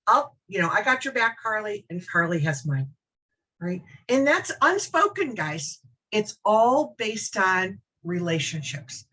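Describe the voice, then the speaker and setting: A middle-aged woman leads a business training session in a conversational way, calling on attendees by name and checking in with "okay?" as she goes. Her voice is bright and forward, with a husky edge. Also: medium pitch, poor audio. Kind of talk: recorded workshop lecture.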